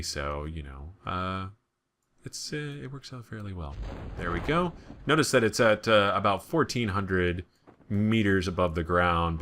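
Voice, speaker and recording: A man's voice: sits low, fairly bright tone. An American man giving casual, rambling gameplay commentary with joking asides. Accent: General American. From United States. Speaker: let's play gamer.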